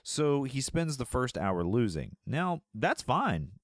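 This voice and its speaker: A man's voice: medium pitch, sing-song, slow, dry recording, clean studio sound. A man co-hosting a podcast, casually recapping a movie in a jokey way. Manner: jokey, acts out lines in playful voices. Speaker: podcast co-host.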